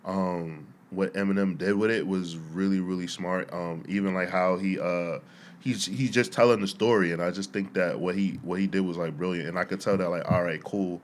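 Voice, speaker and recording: A young man co-hosts a casual podcast, his voice sitting on the low side. He tells stories with animated energy, laughs often and slips into other people's voices for the quotes. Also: normal speed, slight background noise. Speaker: podcast co-host. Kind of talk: casual storytelling chat.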